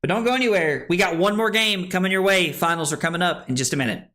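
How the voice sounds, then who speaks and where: A tipsy man hosting a card game tournament on his livestream, talking loudly and excitably, swearing freely and laughing often. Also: high-pitched, fast. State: tipsy from drinking. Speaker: streamer and tournament host. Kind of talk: casual livestream commentary. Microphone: streaming microphone.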